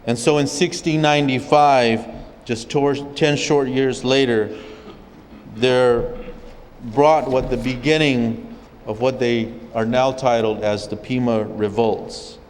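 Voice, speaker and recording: A man from an O'odham community speaks slowly and deliberately, unhurried in how he tells the history. His mid-pitched voice carries a long reverb from a large legislative chamber. A faint room hum sits behind him. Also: steady tone. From O'odham community, Arizona. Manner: measured storytelling, occasional restarts. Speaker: forum speaker. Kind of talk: spoken history talk at a public forum. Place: legislative chamber at a state capitol.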